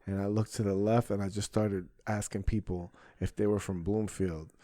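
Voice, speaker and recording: A man's voice: lowish voice, fairly even intonation, normal speed, dark tone, no room sound. A young adult man, a podcast host and stand-up comedian, telling a story in casual chat and acting out his own stage lines.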